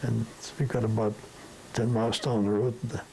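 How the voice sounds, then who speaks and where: An older man from the Sudetenland recalls his past at an easy, rambling pace, dotting his tale with little tag questions. His voice is gravelly and mellow in tone. A faint hiss sits under the recording. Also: fairly low pitch, flat delivery, normal speed, low-quality recording. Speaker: interviewee. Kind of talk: storytelling reminiscence.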